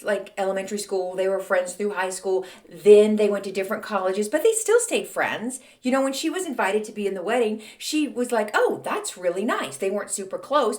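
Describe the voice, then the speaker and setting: A woman, speaking at a mid-range pitch, hosts a podcast and tells a story in a loose, chatty way. She keeps the talk conversational, full of little fillers and asides. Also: darkish tone. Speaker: podcast host.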